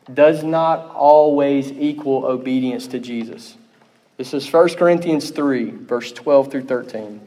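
An emphatic male preacher delivering a sermon to his congregation. He keeps checking in with a quick "okay?" and rises in pitch and volume on the lines he wants to land. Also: darkish tone. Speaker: pastor.

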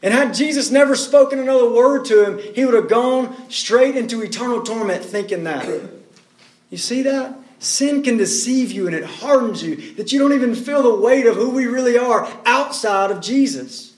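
A man's voice: very high voice, normal speed. A man preaching a sermon, pressing his points with rhetorical questions and repeating key words. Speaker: pastor. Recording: roomy echo.

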